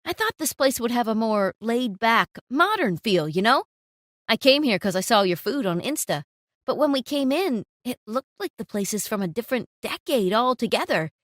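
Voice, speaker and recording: A pushy young customer complains in a high, lively voice, as a woman puts her on. Close, dry storytime read. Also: moderate pace, no room sound. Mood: complaining.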